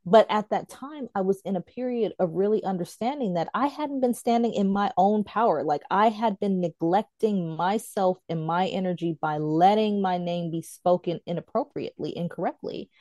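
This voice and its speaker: A woman guest in a casual online interview, chatty and animated as she tells stories and laughs. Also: medium pitch, moderate pace, few pauses, no room sound. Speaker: guest, author and tarot teacher.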